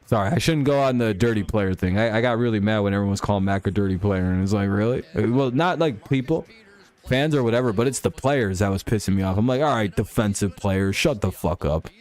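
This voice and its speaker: A man's voice: lowish voice, fast talker, darkish tone. A young man streaming a football watch-along, ranting with profanity and mocking players between casual chat with his viewers.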